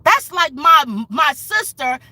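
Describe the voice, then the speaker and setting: A woman's voice: sits high, big pitch swings, takes it slowly, bright, forceful tone, no room sound. A woman hosting a commentary show, speaking in an impassioned, angry, emphatic rant. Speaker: show host.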